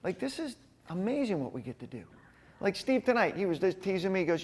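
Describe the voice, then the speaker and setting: Animated male group leader, higher voice, storytelling to a room of men. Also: quick pace, husky. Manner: storytelling, energetic, acts out scenes. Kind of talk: animated church talk.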